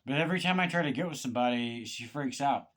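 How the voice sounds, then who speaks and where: A man giving a confessional monologue to one person, halting and aggrieved, with stammered restarts and repeated words. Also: mid-range voice, lively intonation, fairly bright tone. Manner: aggrieved, pleading. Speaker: vlogger.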